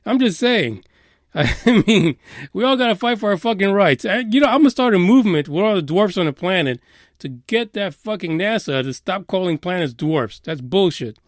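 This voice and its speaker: Sweary new guy ranting on his podcast, pretty high voice, dead dry mic. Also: lively intonation, normal speed, dry recording. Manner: profane, sarcastic and combative, swinging loud and low. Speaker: podcast host.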